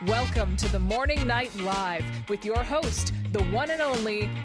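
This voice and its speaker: A woman giving a scripted show intro in a sing-song, drawn-out announcer delivery. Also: a little high, expressive. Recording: voice over loud music.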